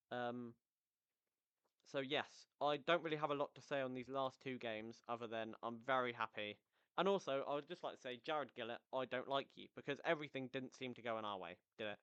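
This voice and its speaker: Guy chatting football on his own, lots of tangents, smooth voice but kinda dull lo-fi sound. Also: mid-range voice, no room sound. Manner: energetic, rambling with tangents. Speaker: football podcast host. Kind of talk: casual solo football recap.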